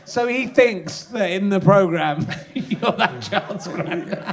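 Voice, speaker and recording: A man's voice: high-pitched, expressive, slow pace, fairly bright tone. Teasing male podcast host. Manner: teasing, dry, laughing often. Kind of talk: casual interview chat.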